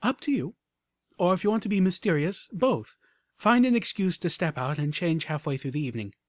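A man voicing a graceful, caring young mare who talks in a lilting, gently teasing way. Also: high voice, lively intonation, a little fast, dry recording, studio quality, pitched above the performer's own voice.

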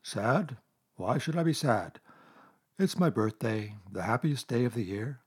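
A gloomy old grey donkey, as a man reads him aloud in a storybook, mournful and dryly sarcastic. The voice is husky and slightly raised in volume. He sighs through every complaint. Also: mid-range voice, animated, measured pace. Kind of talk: storybook reading.

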